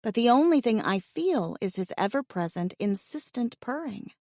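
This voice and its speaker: A woman narrating a first-person romance audiobook, expressive with a wry inner voice. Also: on the high side, moderate pace, no echo, studio quality.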